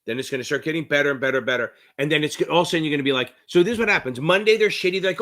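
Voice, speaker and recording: A middle-aged man with a New Jersey accent, tutoring on a live-stream Q&A in a rambling, profane, excitable way. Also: a little high, very fast. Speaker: exam prep tutor.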